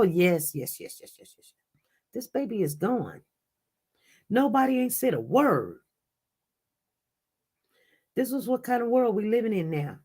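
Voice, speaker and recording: With a medium pitch and a darkish tone, a woman runs a casual news livestream and speaks directly to her viewers in the chat. Her delivery is impassioned and repetitive.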